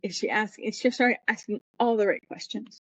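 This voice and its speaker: A woman's voice: mid-range voice, fairly quick. A middle-aged woman tells a personal story in a rambling, heartfelt way, slipping into the voices of the people she quotes. Her voice comes through a dull, muffled line with no room echo. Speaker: podcast guest.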